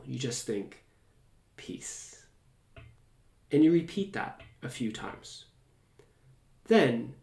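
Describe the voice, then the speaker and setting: Soft-spoken man guiding a calm meditation. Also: mid-range voice, echoey room. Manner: soft, slow and soothing, drawn-out phrases. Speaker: host. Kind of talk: calm guided meditation talk.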